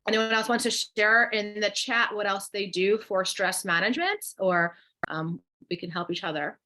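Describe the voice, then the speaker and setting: A woman's voice: medium pitch, moderate pace, pushed and bright. Chatty coach woman with New Jersey accent. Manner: chatty, encouraging, guides breathing exercises. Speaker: wellness coach co-hosting a workshop. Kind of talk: live webinar, reading chat replies.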